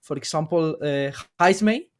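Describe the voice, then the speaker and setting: Slow-spoken halting male podcast guest. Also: on the high side. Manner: halting, repeating words. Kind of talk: casual chat.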